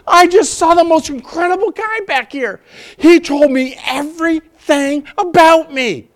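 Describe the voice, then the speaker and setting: A male preacher acting out an overjoyed woman who runs back to town to tell everyone her news. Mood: thrilled. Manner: breathless, gushing, high and fast.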